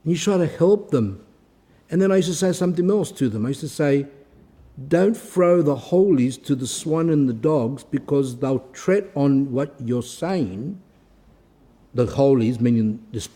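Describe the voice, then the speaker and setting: A man's voice: a little high, dark tone, husky. A middle-aged man, an Orthodox priest, giving an earnest talk, telling stories and acting out quoted exchanges. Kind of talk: sermon-style talk.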